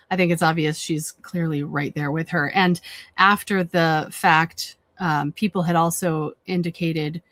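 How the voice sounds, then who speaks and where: A woman's voice: low-pitched, a bit bright. A woman commenting on played clips in a conversational, repetitive way with frequent fillers.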